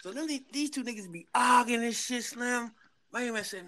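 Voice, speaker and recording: A man telling a story in casual chat, animated and laughing, full of slang. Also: sits high, a little fast.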